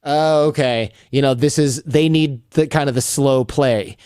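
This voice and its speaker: A man guesting on a podcast, telling stories in an animated way and acting out the people he quotes. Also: mid-range voice, moderate pace, clean tone, dry recording, clean studio sound. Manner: animated, acts out quoted people in raised voices. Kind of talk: storytelling interview talk.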